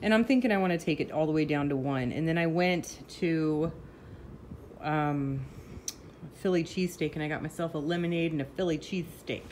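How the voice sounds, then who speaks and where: A woman's voice: deep voice, normal speed, a little mellow, slight background noise. A woman casually chatting to the camera at home, telling stories and now and then breaking off to scold her dogs. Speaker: vlogger. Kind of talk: casual chat. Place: home with pets.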